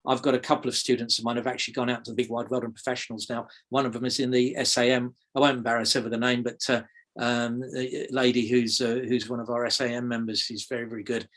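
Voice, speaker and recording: English man, softened accent, mid-pitched, halting delivery full of fillers; interview guest. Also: flat delivery. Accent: English, softened toward RP. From South London, England. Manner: hesitant, many fillers and repeated words. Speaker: magic teacher, guest. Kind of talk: conversational interview.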